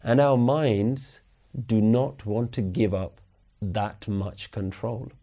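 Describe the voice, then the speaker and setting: A man giving a Sikh religious lecture at a weekly class, earnestly questioning his listeners and slowly chanting scripture lines. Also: on the low side, mellow. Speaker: Sikh teacher.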